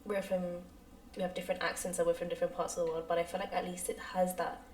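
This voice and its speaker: A woman's voice: fairly low pitch, little pitch movement, echoey room, distant mic, slight background noise, low-quality recording. A young woman in her twenties co-hosting a podcast in casual chat, pushing her point with repeated questions. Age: 20s. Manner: quick agreeing backchannels, presses her point with questions. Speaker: podcast co-host.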